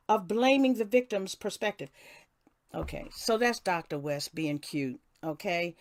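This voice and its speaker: A woman's voice: fairly high pitch, lively intonation, normal speed, no room sound, clean studio sound. An older woman hosting a casual live stream, reading a passage and then greeting viewers by name with many restarts. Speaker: livestream host.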